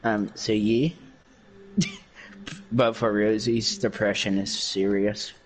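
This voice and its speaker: A man's voice: on the low side, level tone, slow pace. A young man chatting casually while gaming, boastful and rambling, with many fillers. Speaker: game streamer doing impressions.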